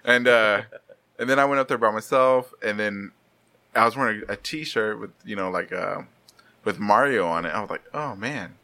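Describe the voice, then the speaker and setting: A man's voice: on the low side, normal speed. Swearing, laughing podcast host man. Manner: swearing, laughing, animated storyteller. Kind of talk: casual chat.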